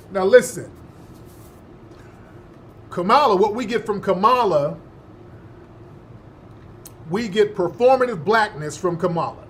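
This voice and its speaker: High-voiced guy hosting a political talk show, slangy and emphatic, keeps scoffing. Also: a bit bright, a little hiss or hum. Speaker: host. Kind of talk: opinionated political commentary.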